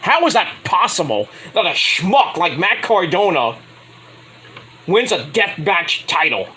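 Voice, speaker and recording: A man riffing on camera in a loose, rambling way, swearing freely and getting worked up. His voice sits a little high for a man, and a faint hum of room noise hangs behind him. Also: a little slow, rough recording. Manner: profane, rambling, excitable. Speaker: wrestling vlogger. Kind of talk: casual rambling commentary.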